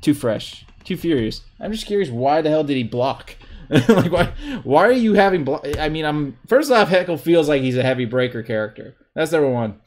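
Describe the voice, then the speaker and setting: Young male gamer, fairly high voice, jumpy live fight commentary, keyboard typing in background. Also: moderate pace. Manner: excitable, trash-talking, shouts "woohoo" at hits. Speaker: livestreamer.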